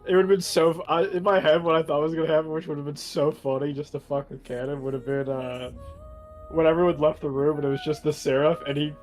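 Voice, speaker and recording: A man's voice: on the high side, level tone, a little fast, darkish tone, soft background music. A male player chatting after a game, amused, laughing and swearing.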